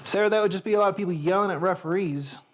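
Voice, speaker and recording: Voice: medium pitch, racing. A host with a Southern accent chatting casually and reading aloud to viewers, rambling and easily sidetracked. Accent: American Southern. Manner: sips bourbon between readings. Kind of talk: casual chat and poetry reading.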